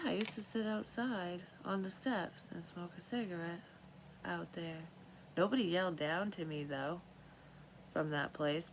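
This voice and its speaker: A vlogger who shares dream readings, a woman with a low voice, tells her dreams in a casual, rambling monologue, swearing freely and often trailing off and starting again. The audio is poor, with slight background noise.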